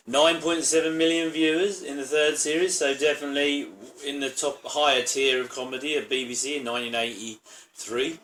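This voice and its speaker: A man's voice: mid-range voice, fairly bright tone, echoey room. A man hosting his own channel, giving casual, rambling reaction commentary full of asides. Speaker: channel host reviewing a TV episode.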